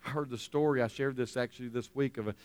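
A man's voice: medium pitch, fairly even intonation, quick pace, a little mellow, clean tone. A man preaching a sermon as pastor, telling a story with acted-out quotes and repeating phrases for emphasis. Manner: storytelling, acting out quoted voices, rising to emphatic peaks; repeats phrases, frequent "right?" checks with audience.

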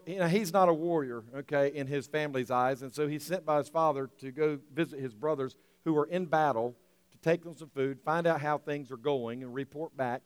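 A man delivering a sermon in a fairly high voice, swinging between quiet retelling and loud, fervent bursts. The sound is dry and close, with no room around it. He often restarts phrases as he builds the story. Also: no room sound. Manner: animated storytelling preacher, rising to loud emotional peaks, many restarts. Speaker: pastor.

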